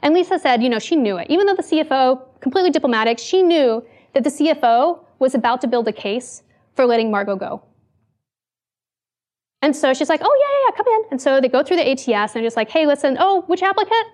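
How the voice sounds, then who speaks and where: A woman speaks to an audience, telling a story about a workplace and playing the people in it with lively shifts of voice. Her voice sits high. She talks in a casual, spoken way, full of fillers. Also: fast. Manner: animated storyteller, acts out quoted lines. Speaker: speaker giving a talk.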